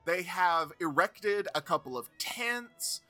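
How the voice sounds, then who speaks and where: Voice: mid-range voice, animated, takes it slowly, bright, forceful tone, faint music behind. A game master narrating a tabletop role-playing game in an easygoing, descriptive way.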